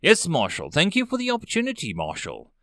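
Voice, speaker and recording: A man voicing an old male war veteran who answers with respect and duty, in a lively, dry reading. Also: fairly high pitch, fairly quick, no room sound, full character voice. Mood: grateful. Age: older.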